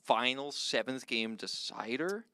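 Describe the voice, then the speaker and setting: A man co-casting a live esports match in a relaxed, rambling way, recalling old times. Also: medium pitch, a little slow, dry recording. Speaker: esports caster.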